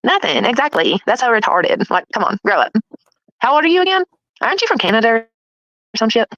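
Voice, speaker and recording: A woman's voice: on the high side, sing-song, a little fast, a bit bright, dry recording, dull audio. A woman hosting a casual livestream chat, taunting and mocking her critics and laughing often. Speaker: livestream host.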